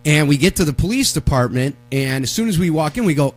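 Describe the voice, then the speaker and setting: Faint music sits behind this radio co-host as he tells a long tale on a live talk show. He talks fast in a slightly high voice and brings the story to life by acting out the voices of the people involved.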